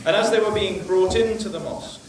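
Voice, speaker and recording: Male preacher, emphatic storyteller, high voice, off-mic in a very echoey hall. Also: a little fast, recorded from a distance, over a noisy crowd. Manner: emphatic storytelling with religious phrases. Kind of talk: storytelling sermon.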